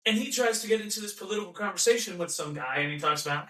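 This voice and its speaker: A man's voice: high-pitched, animated, racing, hardly any pauses, bright, forceful tone. A man hosting a podcast in an impassioned, mocking monologue, repeating himself and acting out the voices of people he quotes. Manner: ranting, repetitive, mocking, acts out quoted voices. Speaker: podcast host. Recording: echoey room, voice from a distance.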